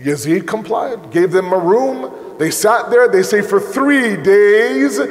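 A man giving an emotional sermon that builds into impassioned, shouted storytelling. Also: high-pitched, lively intonation, takes it slowly, a little hiss or hum. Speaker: preacher. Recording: echoey hall.

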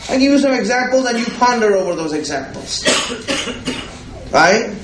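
A man's voice: extremely high pitch, animated, measured pace, noisy background. A man preaching a religious sermon, repeating himself and asking "right?" as he goes. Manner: repetitive, rhetorical, often asks "right?". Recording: echoey room.

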